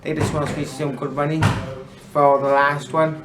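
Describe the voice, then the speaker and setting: A man's voice: fairly high pitch, flat delivery, normal speed, very noisy. Sweary, laughing boxer, a man. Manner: blunt and sweary, laughs easily. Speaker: boxer, interview guest. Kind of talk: casual chat.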